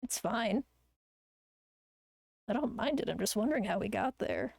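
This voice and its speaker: A woman's voice: on the high side, lively intonation, moderate pace, creaky, a little mellow, breathy edge, no echo. A woman chatting casually while she draws on a live art stream, rambling and ranting with plenty of swearing. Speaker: artist streamer.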